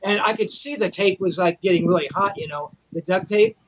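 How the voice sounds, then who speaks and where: A man telling a long, profane, animated story in a casual chat. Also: sits high, fairly quick, dull audio. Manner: profane, animated anecdote teller. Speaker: memorabilia collector guest.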